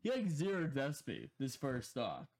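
A man's voice: medium pitch, wildly swooping pitch, normal speed, darkish tone. A young man co-hosting a casual podcast, telling a story in a rambling way with many repeated words and laughs. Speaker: podcast co-host.

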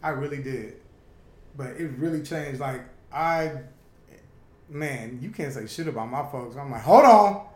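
A man in casual conversation, telling stories in an animated, profane way and laughing often. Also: medium pitch, unhurried, pauses often, reverberant. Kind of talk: casual chat, storytelling.

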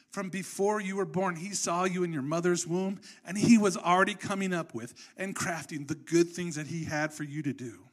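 A young man preaching a sermon as a pastor, talking in a relaxed and joking way and acting out the people he quotes. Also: high voice, fairly quick, few pauses. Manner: conversational and joking, acts out quotes.

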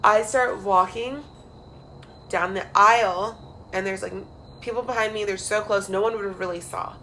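A woman's voice: medium pitch, moderate pace, a little hiss or hum, rough recording. A young woman co-hosting a podcast, telling stories in casual chat, acting out quotes and swearing freely. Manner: animated storyteller who acts out quotes and swears freely. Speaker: podcast co-host.

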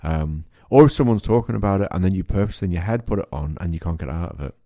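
Man, Manx accent, very deep voice, dry close sound, sweary, animated comedy podcast host. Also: rapid-fire, dry recording. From Isle of Man. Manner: sweary, laughing, animated storytelling. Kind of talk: casual comedy chat.

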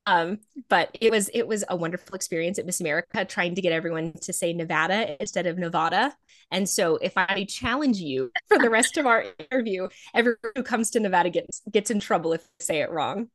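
A woman's voice: fairly low pitch, fast talker, hardly any pauses, a bit bright. A woman in her twenties, a podcast guest speaking from her bedroom, friendly and articulate. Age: 20s. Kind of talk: casual interview conversation.

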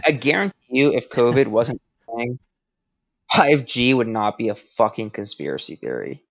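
A man's voice: mid-range voice, expressive, normal speed, vocal fry. A man in a casual podcast chat who rants heatedly and swears constantly. His voice sits in a middling range. The audio is dull and lo-fi. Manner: profane, heated ranting. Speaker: podcast co-host.

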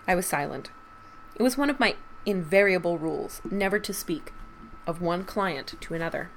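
A woman podcast host reading a Victorian ghost story aloud with measured storytelling. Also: fairly low pitch, creaky, slight background noise.

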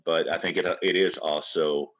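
A man co-hosting a podcast, talking in a laid-back, measured way. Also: low-pitched, fairly even intonation, fairly bright tone, a little hiss or hum. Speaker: podcast co-host. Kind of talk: casual chat.

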